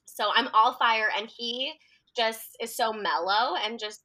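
A young woman with a bright, fairly high voice tells a story in casual chat. She giggles through her words and tells it with animation. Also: a little slow. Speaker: guest.

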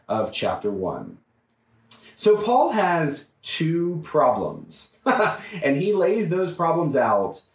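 Male priest, emphatic teaching voice, lively, mic far off in a reverberant room. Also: mid-range voice. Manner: animated, emphatic, often checks in with "right?". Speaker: priest teaching a Bible study. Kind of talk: Bible study lecture.

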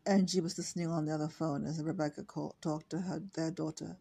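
A woman in her sixties from Ireland, reading her own story aloud in a slow, halting way with small self-corrections. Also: deep voice, steady tone, creaky, dark tone, slightly rough. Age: 60s.

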